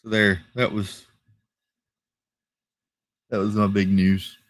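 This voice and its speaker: A man hosting a casual live stream from home, reading viewer comments in a relaxed, chatty way with lots of fillers and repeated thank-yous. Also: fairly low pitch, slow, no echo. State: tired, yawning. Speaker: livestream host. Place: home, rural area.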